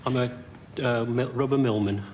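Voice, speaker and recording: A man's voice: mid-range voice, fairly even intonation, moderate pace, darkish tone, slight background noise. Earnest middle-aged man contestant. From West Midlands of England. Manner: plain, earnest explaining.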